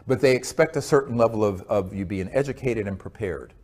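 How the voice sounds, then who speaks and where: An American man with a low voice, answering interview questions in an earnest, measured way. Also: a little mellow. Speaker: interview guest.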